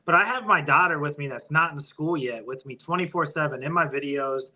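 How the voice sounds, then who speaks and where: Bright-voiced, laid-back bro-talking man. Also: a little high, a little fast. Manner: laid-back, profane, calls people bro. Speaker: podcast guest. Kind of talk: casual podcast conversation.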